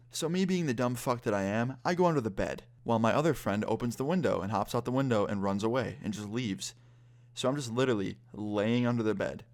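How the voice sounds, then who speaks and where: This is a man around twenty, a vlogger with a lowish voice who talks fast. He gives an energetic, profanity-filled retelling in a casual storytime format.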